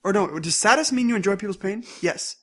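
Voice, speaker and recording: A young man co-hosting a podcast, recapping episodes in casual chat with a rambling, animated way of talking. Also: high voice, quick pace. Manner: rambling, animated, acts out scenes in bursts. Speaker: podcast co-host.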